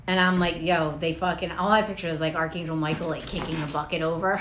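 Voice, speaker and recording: A woman gives a casual tarot reading, rambling through stories with lots of swearing and laughter. Her voice is bright and forward. It sounds echoey, as if recorded in a bare room. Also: sits low, steady tone, quick pace, a little hiss or hum. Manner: profane, laughing, rambling storyteller. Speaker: tarot reader.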